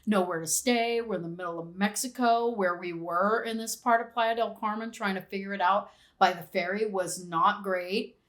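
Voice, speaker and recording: A middle-aged woman co-hosting a casual podcast, telling a travel story with lively, acted-out quotes. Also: mid-range voice, moderate pace. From San Diego area. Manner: animated storytelling, acts out quoted people. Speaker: podcast co-host. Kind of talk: casual chat.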